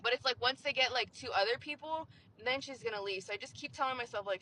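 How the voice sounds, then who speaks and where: A woman's voice: fairly high pitch, quick pace, sharp tone, a little hiss or hum, low-quality recording. A young woman venting about her job in a casual, rambling way, swearing often and filling her talk with "like". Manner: frustrated, profane, rambling with many "like" fillers. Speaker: vlogger venting about work.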